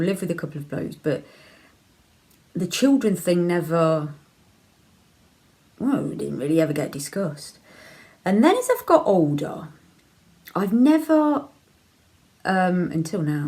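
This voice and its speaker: A woman's voice: low-pitched, gravelly, darkish tone. A middle-aged woman with a Leicester accent, chatting frankly to camera as she answers viewer questions, with plenty of ums and easy laughs. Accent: Leicester English. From England (Leicester). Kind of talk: casual chat.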